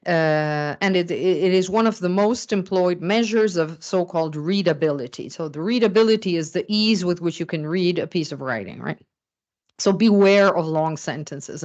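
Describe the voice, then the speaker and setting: Woman teaching a writing class, bit low voice, keeps going "okay?". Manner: explanatory, often checks in with "okay?". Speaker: writing instructor. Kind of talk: recorded classroom lecture.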